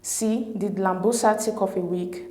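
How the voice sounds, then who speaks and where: A woman explaining exam answers as a tutor, reading each option in a measured, methodical way. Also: medium pitch, fairly even intonation, darkish tone. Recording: roomy echo with faint hiss.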